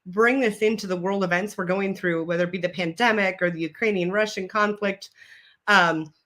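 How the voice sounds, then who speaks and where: A woman's voice: mid-range voice, fairly even intonation, moderate pace, a bit bright. Thoughtful woman guest. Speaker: guest expert. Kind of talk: casual video-call chat.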